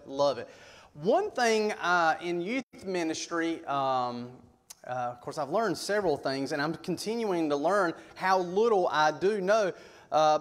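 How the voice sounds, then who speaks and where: A middle-aged man, a youth pastor telling folksy, animated stories in a sermon. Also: on the high side. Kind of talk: sermon storytelling. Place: church sanctuary. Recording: long church reverb.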